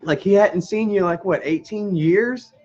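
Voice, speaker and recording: A middle-aged man with a drawl tells a family memory to his camera, his voice a bit higher than most men's. He rambles, swears casually and laughs through tears. The dull, lo-fi camera audio makes the whole recording sound muffled. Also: unhurried, darkish tone, soft background music. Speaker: vlogger. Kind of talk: emotional personal storytelling to camera.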